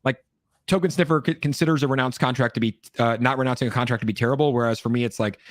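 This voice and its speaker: A man hosting a casual live stream chat, talking quickly with lots of filler words and animated asides. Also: medium pitch, no room sound, clean studio sound. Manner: fast, animated, frequent "like" fillers. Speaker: livestream host. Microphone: streaming mic with voice effects board.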